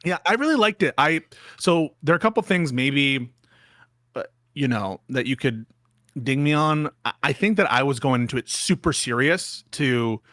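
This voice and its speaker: A man's voice: mid-range voice, animated, normal speed, sharp tone, dry recording, studio quality. A man co-hosting a casual chat, self-doubting and rambling with many restarts. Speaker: co-host and debater.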